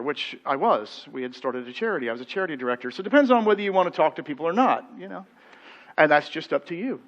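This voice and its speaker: A man's voice: high voice, lively intonation, fast, a bit bright, lo-fi sound. A middle-aged American man preaching a sermon as pastor, telling anecdotes with quoted voices. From United States. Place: church sanctuary.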